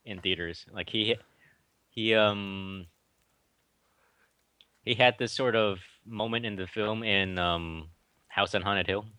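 Rambling young man, bright voice. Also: fairly low pitch, slow pace, long pauses, no echo. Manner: rambling, retells movie trivia with many fillers. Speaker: podcast co-host. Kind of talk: casual chat.

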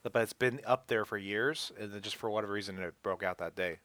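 A young man co-hosting a casual podcast who tells animated stories and laughs often. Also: on the low side, fast, no room sound. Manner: animated storyteller, laughs often, acts out yells. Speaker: podcast co-host. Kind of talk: casual chat.

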